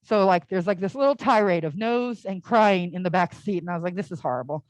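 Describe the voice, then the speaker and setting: At a slightly fast clip, a woman with a mid-range voice preaches conversationally to an all-ages church crowd. The young adult tells stories casually and keeps saying "like," in a rough, dry recording.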